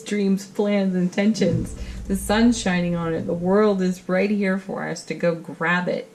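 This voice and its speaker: A woman's voice: lowish voice, slight background noise, poor audio. Soothing woman giving a tarot reading. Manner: gentle, soothing and reassuring. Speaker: tarot reader.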